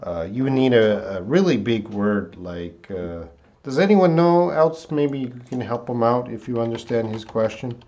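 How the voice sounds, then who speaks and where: A man's voice: mid-range voice, animated, measured pace, dark tone, dull audio. Casual hesitant man teaching online. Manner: casual, hesitant, reads viewer comments aloud. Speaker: English teacher. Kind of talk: live-stream English lesson. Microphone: desktop USB mic.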